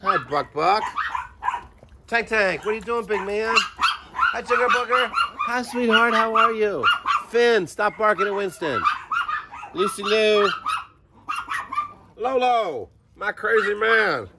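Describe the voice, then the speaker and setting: A man's voice: high-pitched, expressive, slow, long pauses. A man at a dog sanctuary, talking in sing-song baby talk to his dogs as he walks among them, recorded outdoors on a phone. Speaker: animal sanctuary keeper. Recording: loud background noise from barking dogs. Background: dogs barking.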